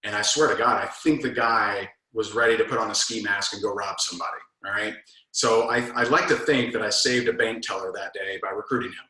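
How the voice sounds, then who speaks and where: Guy doing a sales coaching talk, bright tense voice, acts out the convos, roomy echo. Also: on the low side, a little fast. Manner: animated storyteller, acts out both sides of conversations. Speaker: network marketing trainer.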